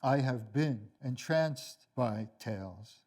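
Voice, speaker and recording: Older male lecturer, deliberate and wry, very slow delivery at an average pitch. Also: lively intonation, darkish tone. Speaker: lecturer, author. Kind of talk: read lecture and storytelling.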